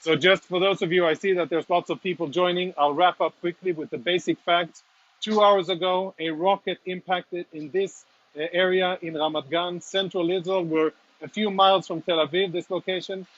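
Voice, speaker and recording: A man speaking as a military spokesman, reporting live and earnestly from inside a damaged apartment, audibly emotional with halting restarts. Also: high-pitched, fairly even intonation, fairly bright tone, no echo, dull audio. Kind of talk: live walk-through report.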